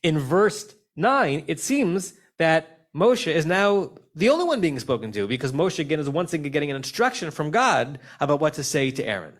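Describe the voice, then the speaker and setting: A man teaching a text-study class as rabbi, talking conversationally and telling stories with an animated, laughing delivery over a video call. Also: a little high, normal speed, hardly any pauses. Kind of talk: lively text study discussion.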